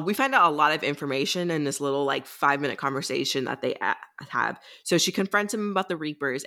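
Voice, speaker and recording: A woman's voice: very deep voice, sharp tone. A young woman co-hosting a book podcast, casually recapping the plot and acting out lines. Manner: chatty, recaps plot with quoted voices and laughs. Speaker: podcast co-host.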